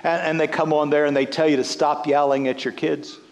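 A middle-aged male pastor preaching a sermon in an animated, joking way, with laughs and quick restarts. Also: on the high side, long reverb tail.

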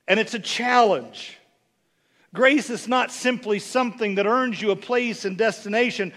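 A man with a high, bright, ringing voice preaches with a drawl. He rambles through funny stories, then punches his points home in loud, rising bursts. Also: measured pace. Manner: folksy, humorous storytelling with rising emphatic bursts. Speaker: bishop preaching. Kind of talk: sermon.

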